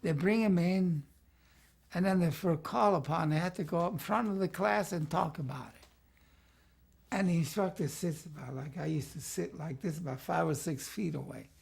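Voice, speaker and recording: A man's voice: on the high side, moderate pace, vocal fry, darkish tone, husky. An older man, a longtime art teacher, reminiscing in a rambling way and often saying "see" as he explains. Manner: rambling, peppers talk with "see". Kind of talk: reminiscing interview talk.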